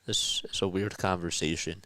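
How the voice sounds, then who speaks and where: Chatty man calling a game, bright dry voice. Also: sits low, moderate pace, no echo. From South Jersey, US. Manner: chatty, reads viewer comments aloud, rises to excited calls on big plays. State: tired, yawning. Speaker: play-by-play streamer. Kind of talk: live fan play-by-play with chat reading.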